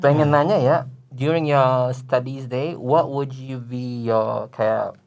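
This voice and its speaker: A woman's voice: extremely low pitch, steady tone, a little slow, darkish tone. A host, a woman, asking playful questions and mixing Indonesian slang with English. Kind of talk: casual chat.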